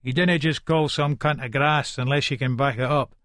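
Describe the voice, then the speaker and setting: The clean studio recording, free of room sound, carries a man's mid-range voice that is brisk and fairly bright, with fairly even intonation and a near-everyday delivery. He is an actor with an Edinburgh Scots accent playing the first-person narrator of a full-cast audiobook, a volatile middle-aged Leith man who is foul-mouthed, coarse and menacing.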